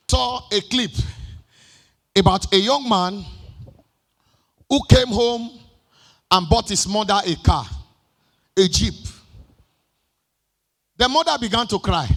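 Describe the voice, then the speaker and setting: A man with a Nigerian accent preaching a sermon as pastor. He swings between chanted, shouted lines and quiet asides. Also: high voice, slow pace, vocal fry, pauses often. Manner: shouts and sings phrases, then drops to quiet asides.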